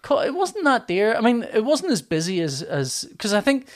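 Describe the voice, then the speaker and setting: A man in his thirties, an animated storyteller who acts out his own reactions, laughs often and swears in casual chat. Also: high-pitched, normal speed.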